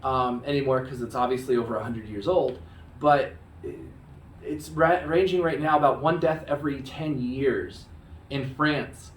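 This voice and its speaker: A man's voice: medium pitch, normal speed, reverberant, distant mic, slight background noise. A man teaching history in a casual recorded lecture, chatty, acting out bits of dialogue in joking voices, recorded on a phone.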